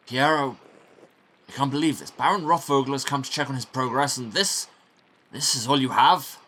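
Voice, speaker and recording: A man's voice: mid-range voice, moderate pace, sharp tone, voice pushed up. A man voicing a stern older monastery prior who scolds the monks under him with contempt. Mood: scolding.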